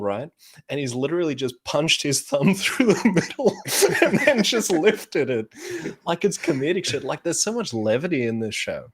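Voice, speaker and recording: This is a man in casual podcast chat. His voice sits at an ordinary pitch, and his delivery is loose and profane. He often laughs through his own retelling. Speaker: podcast co-host.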